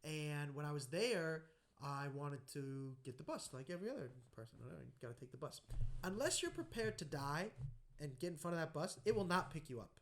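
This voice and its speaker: A man hosting a podcast, telling anecdotes in a casual, animated way and acting out the voices in his stories. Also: a little high, fairly quick. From United States. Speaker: podcast host. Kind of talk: casual conversational storytelling.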